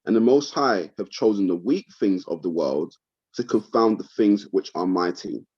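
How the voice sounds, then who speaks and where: A man reading scripture aloud slowly in a class. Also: fairly low pitch, husky. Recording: muffled, dull sound.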